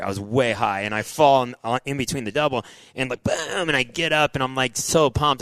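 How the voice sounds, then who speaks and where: A man in his forties, a former motocross racer, telling his story in a casual podcast interview, animated and full of "dude" and "like". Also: medium pitch, clean tone, no echo. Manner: animated, says "dude" and "like" a lot, acts out his own past thoughts.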